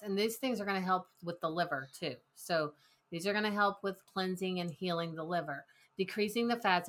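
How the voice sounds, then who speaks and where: A woman's voice: fairly low pitch, fairly bright tone. A woman co-hosting a casual health talk in an office, eagerly adding to her partner's points. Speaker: podcast co-host.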